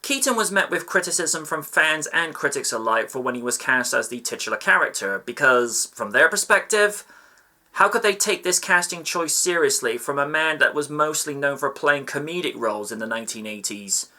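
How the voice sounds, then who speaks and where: A man narrating a scripted film review with measured, admiring commentary. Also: on the high side, expressive, pushed and bright.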